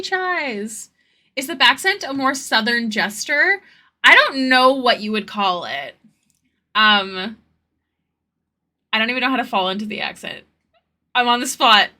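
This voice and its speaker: A woman streamer chats casually with her viewers, her fairly high voice bright and sharp. Her pitch swings lively up and down, and she stutters now and then. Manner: chatty, thanks viewers and answers chat; stutters at times. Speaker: art streamer. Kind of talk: casual live-stream chat.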